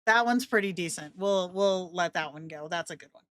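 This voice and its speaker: A woman's voice: fairly low pitch, a little fast, fairly bright tone, no room sound, studio quality. A woman hosting, giving chatty, candid tutorial commentary. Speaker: host.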